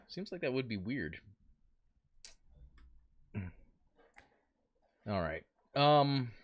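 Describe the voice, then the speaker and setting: A man's voice: medium pitch, no echo. A man hosting a casual livestream from home, chatting with viewers while setting up and thinking aloud, talking into a desk mic. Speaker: livestream host. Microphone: desk mic he talks into.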